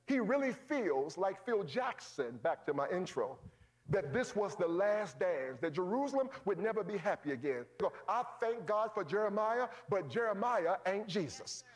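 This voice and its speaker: A man preaching a sermon as pastor, calling out to his congregation, swinging from shouts to hushed low tones. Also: animated, moderate pace. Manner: calls out to the congregation, folksy phrasing.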